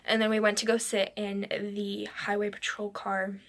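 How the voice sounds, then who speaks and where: A woman telling a personal story in a halting way, with restarts and frequent drops into a whisper. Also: mid-range voice, completely flat delivery, a bit bright.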